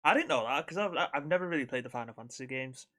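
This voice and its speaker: A man's voice: medium pitch, animated, racing, a bit bright. Sweary man co-hosting a podcast. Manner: sweary, reactive, laughs along. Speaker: podcast co-host. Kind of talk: casual podcast chat.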